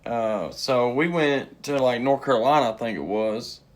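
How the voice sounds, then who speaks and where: A man, a comedian casually telling a funny story and acting out the people in it with sudden high yells. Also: normal speed. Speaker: stand-up comedian.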